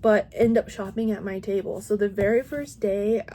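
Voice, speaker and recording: A woman's voice: mid-range voice, normal speed, dark tone, a little hiss or hum. Chatty woman rambling through her sales. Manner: rambling, full of "like" and restarts. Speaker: crochet vlogger. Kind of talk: casual chatty recap.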